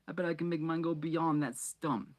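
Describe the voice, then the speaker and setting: A man's voice: fairly high pitch, fairly even intonation, moderate pace, voice pushed up, lightly acted. Guy doing a sly teasing teen boy voice, cheeky prankster.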